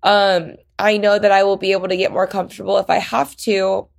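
A young woman hosting her podcast alone, rambling and halting with many fillers, emotional and close to tears. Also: medium pitch, little pitch movement, creaky. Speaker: podcast host. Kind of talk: casual solo podcast chat.

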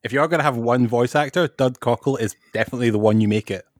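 A man's voice: mid-range voice, fast talker, no room sound. Easygoing Scottish man, dry sound. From Scotland. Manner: easygoing, relaxed, rambling. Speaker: podcast guest. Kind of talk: casual podcast chat.

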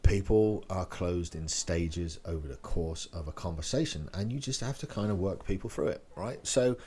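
A man's voice: low-pitched, normal speed, warm tone, slightly rough. A man, a real estate agent, giving a casual talk that teaches phone sales and acts out short call lines. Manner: conversational, loose, role-plays phone lines.

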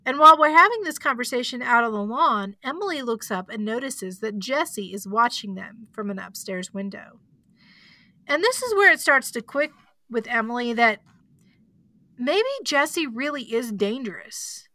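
A woman's voice: a little high, animated, moderate pace, sharp tone, dry recording. A woman hosting a podcast, retelling a story in a chatty casual way, full of likes and asides. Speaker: podcast host.

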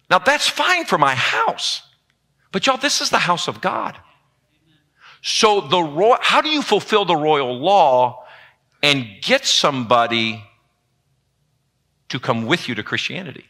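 A man preaching a sermon in a church, with a lively call-and-response delivery. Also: on the high side, moderate pace, long pauses. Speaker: pastor. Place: church sanctuary.

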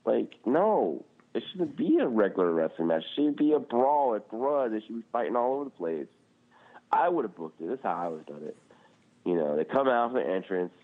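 A podcast co-host rants casually in an animated way, swearing often and filling his talk with "like." His mid-range voice moves fairly quickly over a tinny, phone-like line.

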